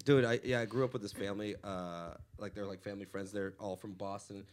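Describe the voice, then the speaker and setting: A man's voice: fairly low pitch, fairly quick. A man from Los Angeles hosting a comedy podcast, telling profane stories and acting out quotes. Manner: animated, profane storytelling with acted-out quotes. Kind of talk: casual comedy podcast chat.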